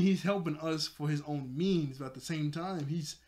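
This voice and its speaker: A man's voice: fairly high pitch, moderate pace, few pauses, a little mellow. A young man casually recapping a cartoon episode, rambling with lots of fillers and frequent laughs. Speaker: video reviewer.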